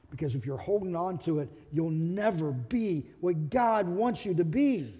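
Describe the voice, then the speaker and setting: A man's voice: a little high, expressive, unhurried, hardly any pauses, dark tone, breathy edge, big-room sound. A man who is a pastor, delivering a sermon in a conversational, humorous way and acting out quotes.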